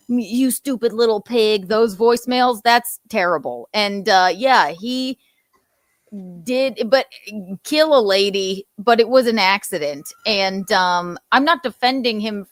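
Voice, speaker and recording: A woman's voice: mid-range voice, lively intonation, unhurried, dry recording, studio quality. A woman hosting a podcast in casual chat, talking bluntly with heavy swearing. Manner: blunt, profane and heated. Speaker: podcast host.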